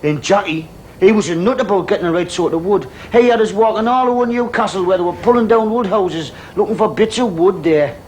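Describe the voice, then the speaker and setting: An actor playing a chatty, excitable ten-year-old Geordie schoolboy who narrates his own story in a stage play. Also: sits high, a little fast, a little hiss or hum, lightly acted, rough recording. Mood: wistful.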